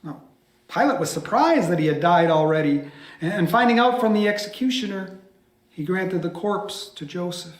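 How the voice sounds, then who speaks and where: A pastor tells a scripture story from memory in a high, expressive man's voice. He builds the drama and sinks some lines into a hushed whisper. The sound carries the echo of a church room. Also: normal speed. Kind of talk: by-heart biblical storytelling.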